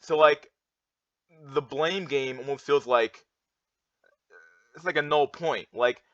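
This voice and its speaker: Reacting to charts, this young man goes on a heated, rambling monologue packed with fillers, repetition and restarts. His voice is fairly high and fairly bright, slow-paced, and the recording sounds dull, lo-fi and dry.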